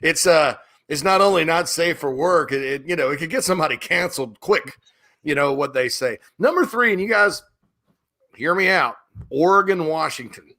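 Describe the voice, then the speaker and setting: A middle-aged man chats casually as a sports talk host. His voice sits a bit high and bright, with a forceful edge. He tells stories in an animated, rambling way and restarts his sentences often. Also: normal speed.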